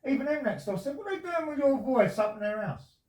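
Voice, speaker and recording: Man, high animated voice, rambling and insistent; recorded off-mic in an echoey room with faint noise. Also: fast talker, distant mic. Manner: rambling and insistent, repeats himself. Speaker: resident talking to a visitor. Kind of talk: casual conversation. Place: indoors at his home.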